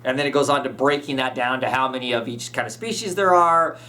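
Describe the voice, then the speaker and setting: A man's voice: mid-range voice, fast, pushed and bright. Rambling man recapping a comic. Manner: rambling, many fillers and restarts. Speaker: podcast host. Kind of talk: casual chat recapping a comic.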